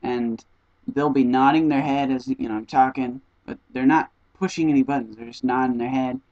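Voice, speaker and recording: A young man telling stories in a casual vlog, animated and jumping into high squeaky voices whenever he quotes someone. His speaking voice sits at an ordinary middle pitch. The sound is a little dull and lo-fi, like an old webcam mic. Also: normal speed, no room sound. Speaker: exchange student vlogger.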